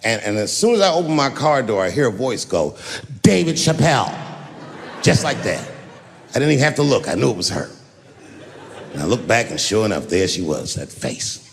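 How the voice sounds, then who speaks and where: A man doing stand-up storytelling, conversational and animated, swinging between low asides and loud punchlines. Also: fairly quick. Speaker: stand-up comedian. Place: live theater on stage. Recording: long hall reverb, faint noise.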